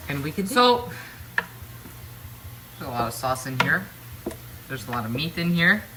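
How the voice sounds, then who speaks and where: A woman's voice: deep voice, sing-song, a little slow, music in the background. A woman hosting a casual cooking demonstration in her kitchen, chatting straight to her viewers with frank asides. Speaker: cooking show host. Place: kitchen at the stove. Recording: clear frying and sizzling behind the voice. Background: sizzling pan, stirring, clicks.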